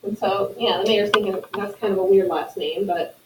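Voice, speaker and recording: A woman teacher telling children a story, animated and playful, acting out the characters. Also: mid-range voice, normal speed, distant mic. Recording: echoey room, voice from afar, faint noise.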